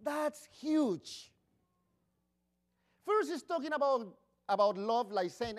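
A man's voice: very high-pitched, lively intonation, takes it slowly, pauses often. A middle-aged man preaching a sermon in earnest, conversational English with small grammar slips, often putting questions to the congregation. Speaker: pastor.

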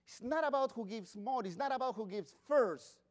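A man's voice: extremely high pitch, lively intonation, normal speed. A middle-aged man preaching a sermon in earnest, conversational English with small grammar slips, often putting questions to the congregation. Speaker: pastor.

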